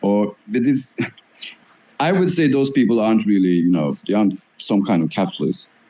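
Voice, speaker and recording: A man from Norway speaks in a hesitant way, stopping often to search for his words. His voice is mellow and dark, recorded through a phone in a relaxed call. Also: lowish voice, normal speed, low-quality recording. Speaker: guest speaker. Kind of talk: casual debate on a call.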